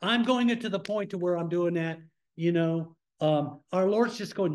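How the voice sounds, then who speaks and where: A man leading a church Bible study in a relaxed, conversational way, asking the class questions as he teaches. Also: sits high, normal speed. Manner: informal, asks the class questions.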